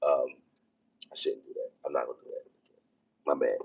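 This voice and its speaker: A man's voice: extremely low pitch, fairly even intonation, normal speed, vocal fry, a little mellow, slightly rough. A man, a military officer, talking in a rambling, casual vlog style with lots of fillers. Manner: rambling, conversational, many fillers. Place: driving onto a military base. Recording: dull lo-fi sound.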